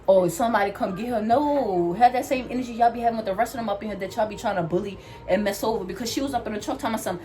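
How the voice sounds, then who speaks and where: A young woman vlogger telling a work story while she does her hair, animated and acting out the other people in it. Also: on the high side, rapid-fire, a little hiss or hum.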